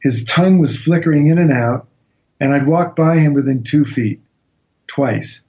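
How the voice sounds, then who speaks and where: A man recounting an expedition as a radio interview guest, telling it as a lively anecdote and acting out what people said. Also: fairly high pitch, moderate pace, muffled recording. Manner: animated anecdotal storytelling, acts out quotes.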